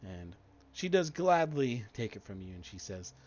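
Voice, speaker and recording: Male game master, easygoing, mid-pitched voice, slightly muffled audio. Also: very animated, normal speed, darkish tone. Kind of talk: running a tabletop game.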